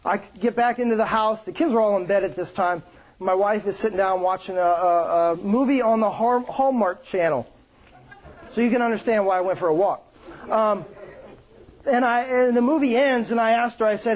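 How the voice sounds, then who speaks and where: A male pastor preaching a sermon, with joking, animated storytelling and playful put-on voices. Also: high-pitched, normal speed, rough recording.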